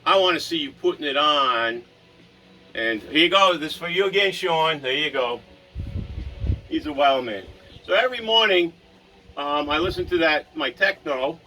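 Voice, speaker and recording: A man's voice: on the high side, lively intonation, normal speed, long pauses, bright, forceful tone, far from the mic, slight background noise. A man from Rhode Island vlogging at home in a rambling, casual chat, often talking to his dog.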